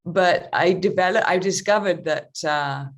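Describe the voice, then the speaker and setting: A woman life coach speaking reflectively in an interview conversation. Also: fairly low pitch. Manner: slow, reflective, talks of spirituality.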